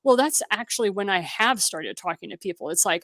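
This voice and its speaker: A woman's voice: medium pitch, a little fast, hardly any pauses, a bit bright, no echo, clean studio sound. A woman from Missouri, a guest entrepreneur in an interview, telling stories in a direct way and acting out the dialogue she quotes. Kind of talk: interview conversation.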